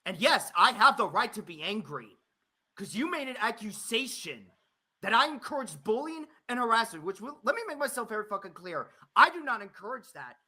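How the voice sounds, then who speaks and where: A man's voice: high-pitched, big pitch swings, fairly quick, sharp tone, husky. A man ranting angrily on a live stream, swearing often and repeating himself. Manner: angry, profane, repeating himself. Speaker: streamer confronting a critic. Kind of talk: heated live-stream rant.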